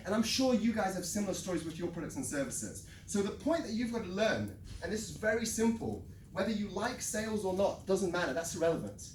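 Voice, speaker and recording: A sales trainer giving a lively live workshop talk to a room, telling a story and checking in with the audience by asking "right?". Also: medium pitch, fairly quick, few pauses, a little hiss or hum. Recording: echoey room, mic at a distance.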